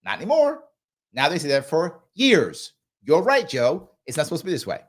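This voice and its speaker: His pitch fairly high and his pace normal, a man hosts a live reaction show and weighs in on a clip. He's emphatic and repetitive, animatedly impersonating the people he quotes as he goes.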